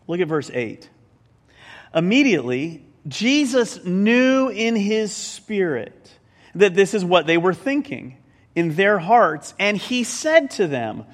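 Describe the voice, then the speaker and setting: A man with a notably high voice preaches a sermon, animated and conversational, slipping in joking asides between scripture. His voice rings out with a long reverb, as if filling a large hall. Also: takes it slowly. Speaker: pastor.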